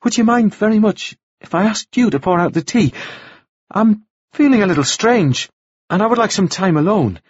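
A man reading an audiobook, voicing a defiant, quick-witted young woman with cool, clipped replies in a raised voice. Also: high-pitched, animated, husky, highs cut off, pitched above the performer's own voice. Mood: weary.

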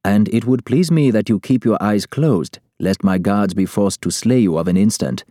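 Man doing a gentle royal, formal courtly speech, compassionate and calm, storybook reading. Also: on the low side, moderate pace, dry recording, clean studio sound, lightly acted.

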